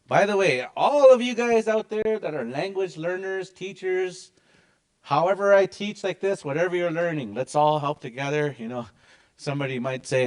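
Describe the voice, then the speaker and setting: A man's voice: a little high, normal speed. A man teaching a language class with lots of energy and emphasis.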